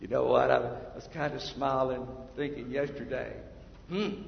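Gravelly preacher in an echoey hall. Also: male voice, mid-range voice, fairly even intonation, moderate pace. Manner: preaching with swings between hushed and loud. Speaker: pastor. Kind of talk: sermon. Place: church sanctuary. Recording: echoey hall from far off, dull lo-fi.

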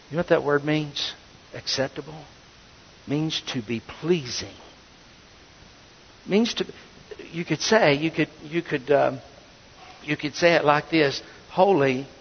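Gravelly preacher in a reverberant church. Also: male voice, a little high, a little hiss or hum. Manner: preaching with sudden swings between loud and hushed. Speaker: pastor. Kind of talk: sermon. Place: church sanctuary. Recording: dull, reverberant sanctuary audio.

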